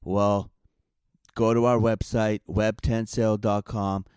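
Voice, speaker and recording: A man with a lowish, smooth voice reads a commercial in a plain, direct sales pitch. The recording is dry and close. His delivery stays steady. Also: slow pace, no echo. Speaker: ad reader. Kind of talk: read commercial spot.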